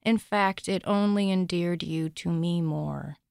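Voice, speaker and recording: A woman's voice: lowish voice, unhurried, creaky, a little mellow, clear, resonant tone, dry recording, studio quality. A woman reading as a shy, lonely older man. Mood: tender. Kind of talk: read-aloud fiction.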